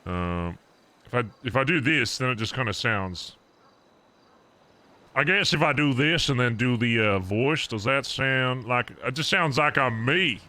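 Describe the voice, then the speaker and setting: A man's voice: medium pitch, animated, measured pace, bright, forceful tone. A young man streaming, muttering to himself while he tests his voice settings. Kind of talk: casual livestream chat.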